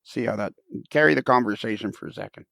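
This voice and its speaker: Gravelly rambling podcast host man. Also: lowish voice, fast talker, bright, forceful tone, no echo. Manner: rambling, joking, stumbling restarts. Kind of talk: comedic casual podcast banter.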